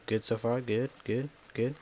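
A man's voice: mid-range voice, fairly even intonation, unhurried, darkish tone, a little hiss or hum. A man giving casual, rambling commentary while playing a video game, talking to himself and cussing at the monsters. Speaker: gameplay video creator.

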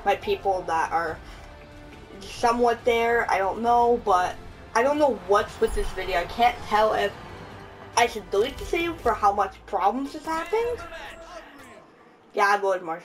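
A woman's voice: medium pitch, expressive, a little slow, long pauses, recorded from a distance, faint music behind, poor audio. A young woman giving casual gameplay commentary, laughing often and swearing at her own plays. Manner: giggly, laughs often, swears while playing. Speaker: gaming channel host.

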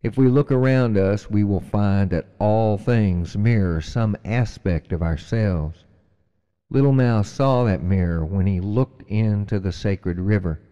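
A man narrates an animal tale slowly, in a deep and measured voice. His tone is mellow and reflective. A long hall reverb lingers behind him. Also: smooth, muffled recording. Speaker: storyteller. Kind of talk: storytelling narration.

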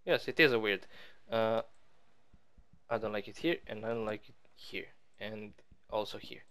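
A man's voice: lowish voice, moderate pace, fairly bright tone, smooth. A man giving casual, rambling let's-play commentary as he builds in a game, joking at his own expense. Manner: rambling, playful, self-mocking. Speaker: gaming channel host.

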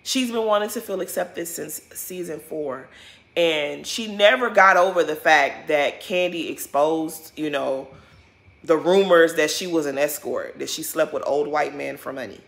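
A woman's voice: deep voice, measured pace, vocal fry, a bit bright. A woman giving blunt, opinionated commentary in a casual reality-TV recap vlog, swearing freely and speaking straight to the people she's discussing. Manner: emphatic and repetitive, addresses cast directly.

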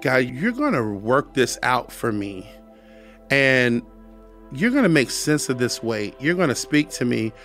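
An earnest man tells his personal testimony at a mid-range pitch and repeats key lines for emphasis. He falls into a preacher's cadence when he quotes scripture. Soft music plays faintly underneath. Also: very animated, a little slow. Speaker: podcast guest.

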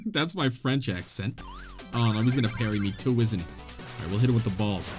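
A young man commenting on his own game playthrough, excitable and dramatic, with jokey yelps and groans. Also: mid-range voice, brisk, slightly rough, faint music behind. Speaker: gaming channel host. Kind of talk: let's play commentary.

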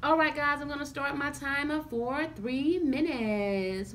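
A woman's voice: sits high, unhurried, hardly any pauses. A young woman vlogging casually to camera, groaning and gagging with exaggerated disgust. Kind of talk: casual vlog chat to camera.

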